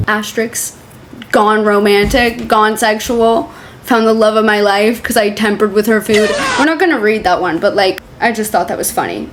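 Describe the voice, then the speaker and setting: A woman's voice: mid-range voice, lively intonation, fairly quick, music in the background. A young woman streamer reacting to forum posts, reading them aloud in a casual, sarcastic way that is full of laughter and swearing. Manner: chatty, sarcastic, swears freely, laughs often.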